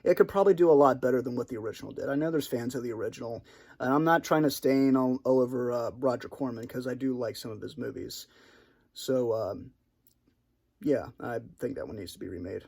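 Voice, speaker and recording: A man's voice: medium pitch, fairly quick, creaky, darkish tone, breathy edge. A man talking in an unscripted solo monologue for his channel, hesitant and rambling with many restarts, self-conscious about his awkwardness. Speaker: video creator.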